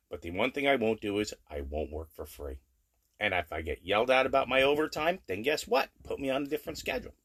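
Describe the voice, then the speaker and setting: A blunt, plain-spoken middle-aged man talks at home in a casual daily update. He gets animated as he rants, with no polish to his delivery. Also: lowish voice. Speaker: vlogger.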